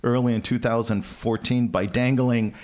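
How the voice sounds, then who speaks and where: A man's voice: medium pitch, moderate pace. A man co-hosting a casual comedy podcast, reading out quiz items and laughing often. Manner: animated, laughs often, reads items off a list. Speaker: podcast co-host running a quiz.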